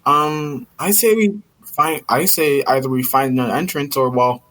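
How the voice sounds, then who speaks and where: A man's voice: medium pitch, steady tone, unhurried, fairly bright tone, a little hiss or hum. A man playing a tabletop game, casually describing what his character does and joking along. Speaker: player. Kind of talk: casual tabletop role-play.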